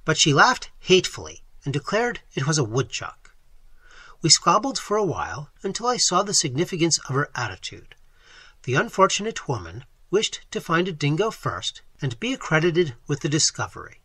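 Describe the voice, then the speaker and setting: A man's voice: on the high side, huge pitch swings, normal speed, sharp tone, breathy edge, dry recording. A man reading a story aloud as audiobook narrator, telling it expressively. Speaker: audiobook reader. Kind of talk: scripted narration.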